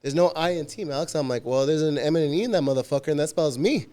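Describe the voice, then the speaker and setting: Fast-talking, profane storyteller man. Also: a little high. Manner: profane, animated anecdotes with quoted dialogue; frequent laughter and restarts. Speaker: podcast guest, union warehouse worker. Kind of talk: casual storytelling chat.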